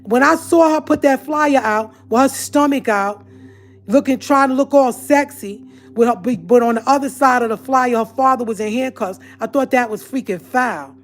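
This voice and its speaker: A woman's voice: sits high, moderate pace, soft background music. Heated, confrontational woman channel host. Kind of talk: ranting live-stream monologue.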